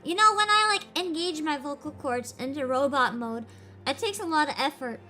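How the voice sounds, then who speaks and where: A woman game streamer chatting casually, excitable and quick to laugh and swear. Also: sits high, soft background music. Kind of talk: casual live-stream chat.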